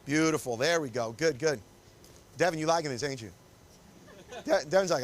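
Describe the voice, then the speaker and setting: Slightly high in pitch and at a normal speed, a male wedding photographer leads a live posing demonstration in a confined indoor room. He stays upbeat and coaxing, never pausing in directing the couple.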